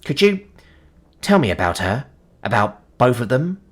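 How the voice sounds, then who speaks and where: A man voicing a young woman clone who talks in a hesitant, halting way. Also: medium pitch, big pitch swings, fairly bright tone. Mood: hopeful.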